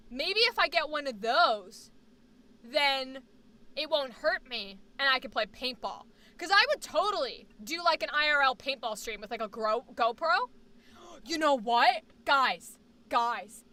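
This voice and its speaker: A woman streamer and actor chatting casually and rambling jokily to her viewers. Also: high voice. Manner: animated, rambling, jokey. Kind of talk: casual live-stream chat.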